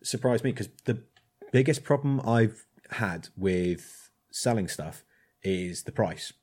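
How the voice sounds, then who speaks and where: A man's voice: on the low side, lively intonation, takes it slowly, a little mellow, breathy edge. A man, a blacksmith chatting casually and rambling with many ums and restarts. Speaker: blacksmith, guest. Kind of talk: casual chat.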